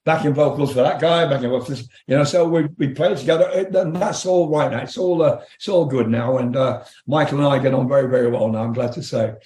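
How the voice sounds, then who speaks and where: A man's voice: medium pitch, a little fast, few pauses, darkish tone, roomy sound. An older English man, a rock singer, candidly telling profane stories in an interview, laughing as he goes. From England. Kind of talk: storytelling interview.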